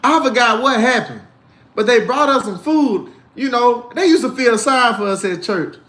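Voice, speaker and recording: High-voiced man telling animated stories. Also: normal speed, roomy sound. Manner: animated storytelling, acts out voices, laughs often. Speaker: livestream host reading chat. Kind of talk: casual livestream chat.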